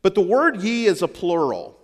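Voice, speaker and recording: Folksy Southern pastor preaching in a hall. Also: male voice, high-pitched, very animated, normal speed. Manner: folksy, humorous preaching with emphatic repetition. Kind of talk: sermon. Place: church sanctuary. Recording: long hall reverb.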